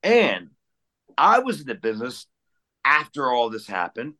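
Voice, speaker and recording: A man at a middle pitch whose voice rises and falls a lot. He makes his points with emphasis and swears casually as he chats with old colleagues. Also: wildly swooping pitch, a little slow, pushed and bright. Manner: emphatic, profane. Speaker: podcast co-host, former referee. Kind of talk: casual podcast chat.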